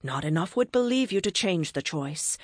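A woman's voice: fairly low pitch, lively intonation, dry recording, clean studio sound. A woman voicing a cryptic ancient cosmic being. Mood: explaining. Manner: terse, measured pronouncements. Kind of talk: audiobook character reading.

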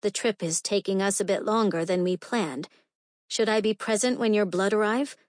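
Brief: female narrator voicing a firm, protective queen sister for an audiobook, mid-pitched, dry studio sound. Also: moderate pace, no room sound, lightly acted. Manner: firm and fierce.

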